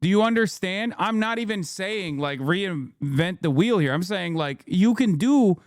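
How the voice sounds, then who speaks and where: A male streamer tears into news clips with heated, sarcastic rants. His voice sits a little high, and the sound is dry and close. He breaks into mocking impressions often. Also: animated, measured pace, no room sound. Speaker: streamer commentator.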